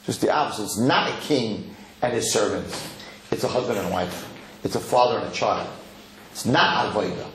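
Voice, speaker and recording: A man giving a lively Torah lecture as a rabbi, emphatic and given to repeating words as he builds to a story. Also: lowish voice, normal speed. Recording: roomy hall with faint noise.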